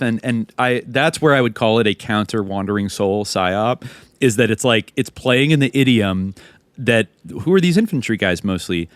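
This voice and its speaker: A man's voice: fairly low pitch, a little fast, dry recording. A man co-hosting a podcast, telling a story casually with lots of swearing and acted-out quotes. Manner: profane, animated, acts out quoted people. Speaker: podcast co-host.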